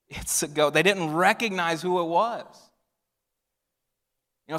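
A male pastor preaching a sermon, swinging from loud emphatic lines to hushed near-whispers. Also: fairly high pitch. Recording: long reverb of a large hall.

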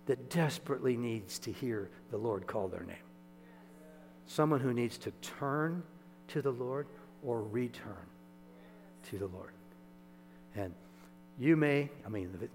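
Male pastor, chatty sermon delivery with chuckles; echoey hall, faint mains hum. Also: medium pitch. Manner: conversational, animated, chuckling asides.

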